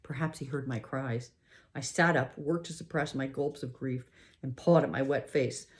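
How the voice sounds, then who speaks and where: A woman with a notably low voice reads a first-person story aloud as an audiobook. Her narration is expressive and carries emotion. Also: moderate pace. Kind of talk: scripted narration.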